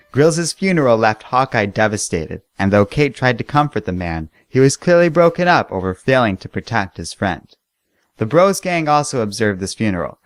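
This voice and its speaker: A man, host of a comic book channel, narrating a story recap in a measured, scripted way. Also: medium pitch, no echo.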